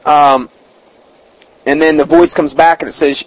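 Man, preacher, high-pitched, emphatic, conversational sermon, restarts and fillers. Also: fairly even intonation, a little slow, long pauses, dry recording, rough recording. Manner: emphatic, voice jumps up when stirred. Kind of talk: storytelling sermon.

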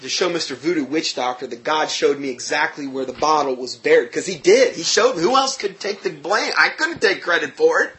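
A man telling a personal testimony story in an animated, emphatic way, often restarting his sentences. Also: fairly high pitch, a little fast, hardly any pauses.

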